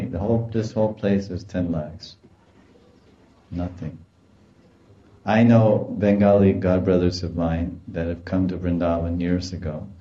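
A man's voice: deep voice, echoey room, lo-fi sound. A man giving a devotional lecture, telling stories with animation and acting out quoted voices. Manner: animated storytelling, acts out quoted voices with laughter. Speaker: spiritual teacher.

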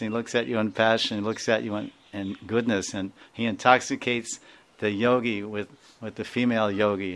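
A man with a somewhat low voice gives a devotional lecture to listeners. He wanders between points and laughs easily, and sometimes imitates sounds. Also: fairly bright tone. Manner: digressive, laughs often, sings out sounds. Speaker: spiritual teacher.

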